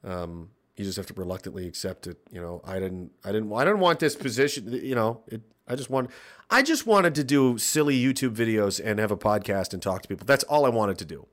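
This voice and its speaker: A man's voice: on the low side, animated, brisk. A man hosting a podcast, ranting with profanity and reading out chat comments. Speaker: podcast host.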